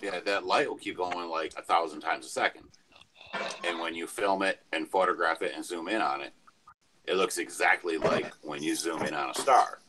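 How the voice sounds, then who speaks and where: Very deep man explaining over a noisy mic. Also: steady tone, normal speed, pushed and bright. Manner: explains with many fillers and restarts. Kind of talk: casual panel chat.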